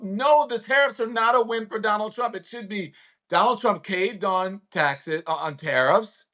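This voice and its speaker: A man's voice: sits high, normal speed, pushed and bright. A man in his fifties from Louisiana, hosting a casual political chat and reading viewer comments with emphasis. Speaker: host.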